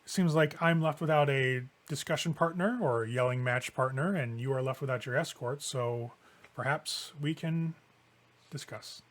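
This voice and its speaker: A man voicing a poised, guarded woman vampire who speaks politely and in a measured, cool way. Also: mid-range voice, natural voice.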